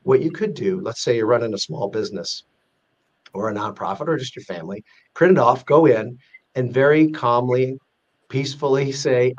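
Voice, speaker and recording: A man's voice: medium pitch, normal speed. Earnest man explaining on lo-fi audio. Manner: earnest, explanatory, with frequent restarts and acted-out example quotes. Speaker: guest explaining a corporate risk rating database. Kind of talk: casual interview talk.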